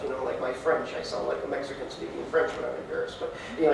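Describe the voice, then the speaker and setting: A man's voice: a little high, fast talker, gravelly, few pauses. A man who is a mayoral candidate, answering a debate question in a folksy, rambling way full of fillers. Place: large echoey hall, heard from far off. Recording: echoey hall, distant mic, faint hiss.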